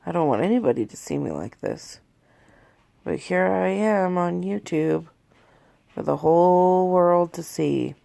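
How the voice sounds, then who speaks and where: A woman's voice: fairly low pitch, animated, measured pace, vocal fry, dark tone, dry recording. A woman in her thirties talking from bed into a phone in a rambling, candid confessional vlog, shaky and worn out after a panic attack. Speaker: vlogger. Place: in bed in a bedroom at home.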